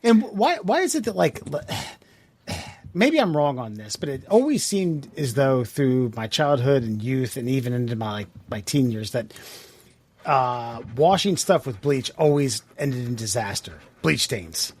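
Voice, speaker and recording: A man's voice: medium pitch, expressive, measured pace, a little mellow. A man co-hosting a podcast, musing in a laid-back, profane way. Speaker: podcast co-host. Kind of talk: casual podcast banter.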